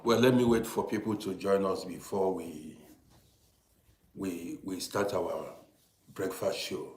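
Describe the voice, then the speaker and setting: An older man hosting a casual morning live stream, chatting and greeting viewers, often pausing and restarting. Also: deep voice, fairly even intonation, a little mellow, reverberant.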